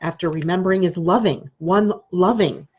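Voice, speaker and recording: A woman astrologer hosting a live stream, talking calmly and repetitively, often checking in with "right?". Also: lowish voice, moderate pace, muffled recording, slight background noise. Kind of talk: live-streamed spiritual talk.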